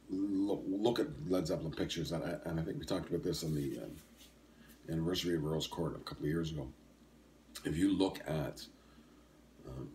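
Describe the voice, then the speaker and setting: A deep-voiced man in his sixties talks alone as a podcast host in a loose, easygoing ramble. He stops often with ums and corrects himself mid-sentence, with a faint hiss of noise behind him. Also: a little mellow. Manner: rambling and hesitant, full of ums and self-corrections. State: coughing and sniffling. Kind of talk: casual solo podcast chat.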